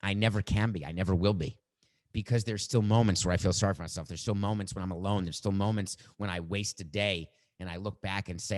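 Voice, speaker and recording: A man's voice: sits low, steady tone, quick pace. A middle-aged man hosting a podcast, musing aloud in a reflective monologue. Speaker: podcast host.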